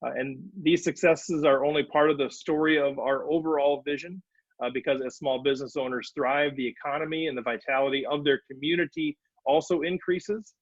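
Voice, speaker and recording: A man's voice: fairly high pitch, steady tone, a little fast, no room sound. A man hosting a podcast interview in a friendly way, starting many phrases with "uh". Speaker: podcast host. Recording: dry, dull, lo-fi recording.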